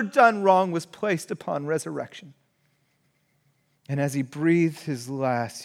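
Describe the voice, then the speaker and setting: A man preaching a sermon who moves from hushed, almost whispered lines to loud, impassioned shouts. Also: medium pitch, steady tone, unhurried. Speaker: pastor. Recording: long hall reverb.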